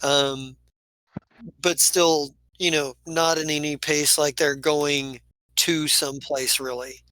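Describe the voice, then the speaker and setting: Rambling, bright-voiced male game master. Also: on the high side, fairly even intonation, slow pace, poor audio. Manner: rambling, self-correcting. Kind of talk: improvised tabletop game narration.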